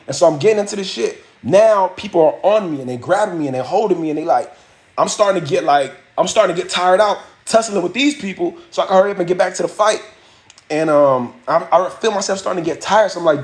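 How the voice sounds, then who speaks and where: A man's voice: sits high, fast. A man hosting a livestream, telling a story casually and animatedly, full of profanity and acted-out quotes. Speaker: livestream host. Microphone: phone or webcam mic.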